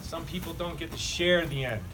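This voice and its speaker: A man's voice: fairly high pitch, a little fast. A man giving a rambling, heartfelt eulogy to a crowd at a memorial gathering, talking bluntly and casually. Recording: distant mic with noisy ambience.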